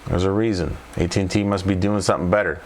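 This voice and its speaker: Low-voiced man talking through charts. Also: fairly even intonation, fast, a little hiss or hum. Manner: thinks aloud, repeats tag questions. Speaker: trading coach. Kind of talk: unscripted chart walkthrough.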